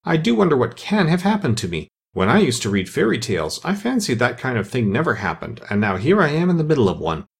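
Male narrator playing a thoughtful young girl talking to herself, with very lively pitch and a slightly husky voice. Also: fast, hardly any pauses, full character voice. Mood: musing. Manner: musing, talks to herself.

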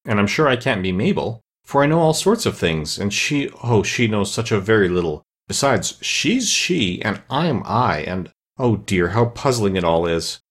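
A man's voice: lowish voice, very animated, moderate pace. A man voicing a curious, fretful little girl who anxiously talks to herself in a storybook reading. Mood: puzzled. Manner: anxious, rising exclamations.

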